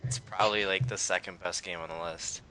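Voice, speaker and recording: A man hosting a casual podcast discussion, relaxed, leading the talk with frequent ums. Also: deep voice, fairly quick. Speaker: podcast host.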